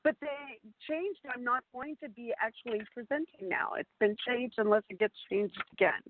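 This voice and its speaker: A woman's voice: a little high, moderate pace, noisy background. A woman from California chatting eagerly and casually as a guest panelist. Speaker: psychic and show host. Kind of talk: casual chat. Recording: dry phone-like call audio.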